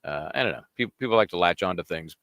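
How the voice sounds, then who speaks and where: A man's voice: sits low, lively intonation, fast talker, fairly bright tone, no echo. A man co-hosting a live trial-watch show, talking in a chatty way that wanders onto tangents. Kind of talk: casual chat.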